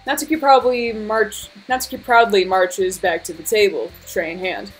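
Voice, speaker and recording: A woman's voice: mid-range voice, fairly even intonation, normal speed, soft background music, rough recording. A woman streamer reading a visual novel aloud, casual and swearing freely with self-mocking asides.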